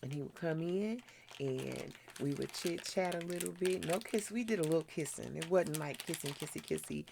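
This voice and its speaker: A woman's voice: sits low, normal speed, creaky, noisy background. A middle-aged woman hosting her own channel, telling a frank, blunt story in casual chat while doing her skincare. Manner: frank, blunt, laughs often. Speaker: vlogger host.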